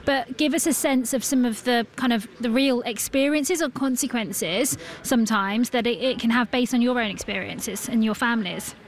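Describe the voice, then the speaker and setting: Woman, radio presenter, asks questions, somewhat high-pitched. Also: moderate pace, few pauses. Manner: prompting, conversational questions. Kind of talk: radio interview.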